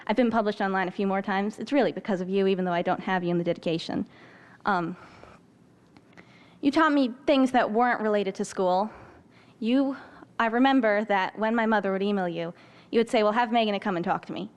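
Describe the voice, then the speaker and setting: A teenage girl speaking quickly and earnestly, delivering a prepared tribute. She is articulate and sincere, with a voice at an ordinary pitch for a young woman. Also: clear, resonant tone. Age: late teens. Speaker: former student giving a tribute. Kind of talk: prepared farewell speech.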